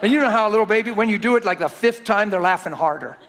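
A man preaching a sermon through folksy, animated personal stories. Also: high voice, rapid-fire. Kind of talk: storytelling sermon.

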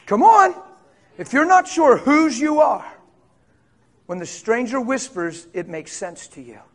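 A man with a high voice delivers a lively sermon. He talks straight to his listeners, calling out "come on" and "man," and switches between raised emphasis and low murmurs. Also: unhurried. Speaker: pastor.

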